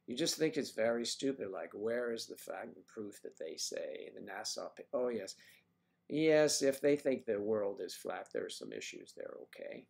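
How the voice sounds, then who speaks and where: A man's voice: fairly low pitch, very animated, normal speed, gravelly, a little mellow. A man hosting a casual livestream, greeting viewers by name and teasing them in a playful, chatty way. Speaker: livestream host reading viewer comments.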